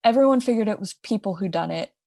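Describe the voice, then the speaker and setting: A woman's voice: mid-range voice, lively intonation, fast talker, vocal fry, dark tone, no room sound, studio quality. A young woman co-hosting a podcast, telling a crime story in a casual, chatty way with asides and restarts. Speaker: podcast co-host.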